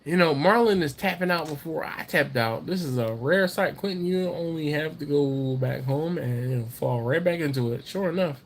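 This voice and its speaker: A man who's had a few drinks hosts a casual livestream, going through viewer comments at a moderate pace with few pauses. His voice is fairly high, and he rambles, teases and laughs frequently. The recording has faint background noise.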